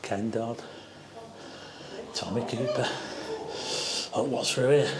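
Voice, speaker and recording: Excitable man touring a theatre. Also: mid-range voice, slow, very noisy. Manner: excited, exclaiming, chatty asides to viewers. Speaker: vlogger giving a tour. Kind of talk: walking tour commentary. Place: large theatre backstage and stairwells, indoors.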